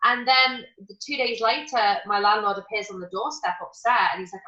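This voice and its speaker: Bright woman in an echoey room. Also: mid-range voice, fairly quick, few pauses, highs cut off. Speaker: guest. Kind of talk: casual chat.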